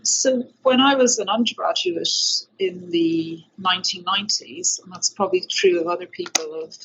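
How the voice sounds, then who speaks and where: A woman's voice: fairly low pitch, normal speed, fairly bright tone, highs cut off, a little hiss or hum. A woman in her forties interviewing a guest in a university lab, curious and building her questions aloud as she goes. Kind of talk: conversational interview.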